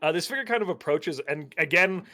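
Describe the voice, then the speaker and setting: A man narrating a tabletop role-playing game as game master, describing scenes in a relaxed way with frequent fillers. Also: on the high side, a little fast, soft background music.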